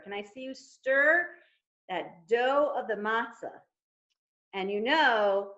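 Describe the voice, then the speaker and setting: A woman rabbi telling a story to toddlers, gently inviting them to act along. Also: medium pitch. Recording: dull lo-fi recording.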